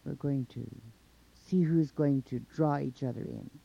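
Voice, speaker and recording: A cheeky trickster coyote, as a storyteller puts him on, yelps his lines far higher and louder than the narration. The voice is gravelly and husky, and the old recording sounds dull and lo-fi. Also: unhurried. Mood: taunting. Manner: high yelping calls. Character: crafty trickster coyote, male, cheeky and bold.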